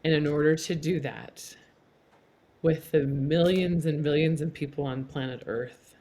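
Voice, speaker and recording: Earnest, animated woman podcast guest. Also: low voice, unhurried. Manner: earnest, animated, laughs at herself. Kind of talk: candid conversational interview.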